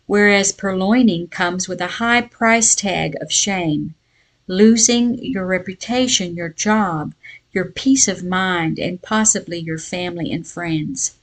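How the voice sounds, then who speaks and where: A woman giving a devotional Bible lesson and reading a folk tale aloud in a measured storytelling voice. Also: lowish voice. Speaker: Bible teacher.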